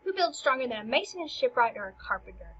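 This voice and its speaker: A woman's voice: high voice, sing-song, fast talker, breathy edge, muffled recording, heavily acted. Woman reading as a dim-witted clown. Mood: puzzled. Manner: puzzled, questioning recitation. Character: dim-witted male gravedigger clown, puzzled.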